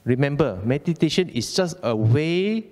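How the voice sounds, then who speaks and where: A man's voice: on the high side, lively intonation, moderate pace, a little mellow, long reverb tail. A man with a Malaysian English accent giving an informal Dhamma talk, chatty and colloquial, often repeating phrases and asking "okay?". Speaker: Buddhist Dhamma speaker. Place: temple hall.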